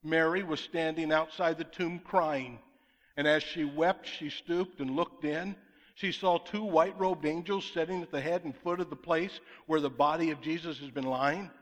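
A man's voice: a little high, fairly even intonation, moderate pace. A man preaching a sermon as pastor, emphatic, with rhetorical questions to the congregation. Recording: long reverb of a large hall.

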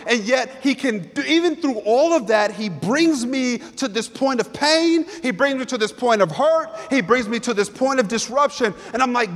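In the sanctuary, the guest preacher speaks in a very high voice with a fairly bright tone at a moderate pace. Long reverb fills the church as he preaches emphatically, repeating himself and piling up rhetorical questions.

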